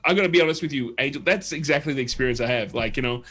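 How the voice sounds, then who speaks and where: A man's voice: mid-range voice, racing, fairly bright tone, husky. A man hosting a casual livestream chat, telling long rambling stories and acting out the people he quotes. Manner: rambling storyteller who acts out quoted people. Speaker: show host.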